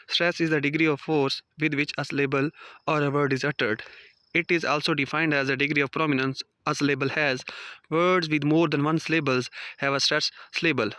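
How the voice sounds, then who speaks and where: A man's voice: fairly high pitch, pushed and bright, no room sound. A man teaching a lesson, reading out definitions and numbered points like a prepared lecture. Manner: reads out numbered points, non-native phrasing. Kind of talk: read-aloud lecture.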